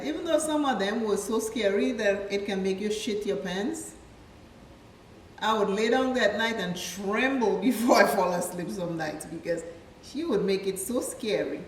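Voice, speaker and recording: A woman's voice: medium pitch, a little hiss or hum. A woman from Dominica, a makeup vlogger, chatting playfully through a tutorial and drifting into childhood stories. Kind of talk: casual makeup tutorial chat. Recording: echoey room with the mic at a distance. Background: faint music.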